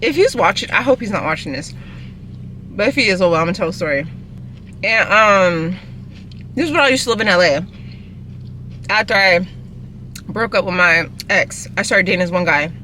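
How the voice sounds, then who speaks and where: A woman's voice: mid-range voice, expressive, moderate pace, long pauses, bright, forceful tone, slight background noise. A young woman, chatting casually in a car while eating, rambling and talking with her mouth full. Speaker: vlogger. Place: inside a parked car.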